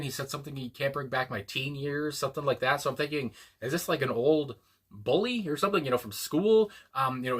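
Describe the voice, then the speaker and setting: Rambling man with a bright voice. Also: mid-range voice. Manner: rambling, searches for words, frequent restarts. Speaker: music reaction channel host. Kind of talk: casual reaction commentary.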